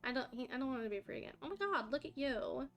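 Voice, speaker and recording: A woman streaming a life-simulation game live, chatting with her viewers and reacting excitedly to the game. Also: high-pitched, fast talker, faint music behind. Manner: chatty, excitable, talks to chat while playing.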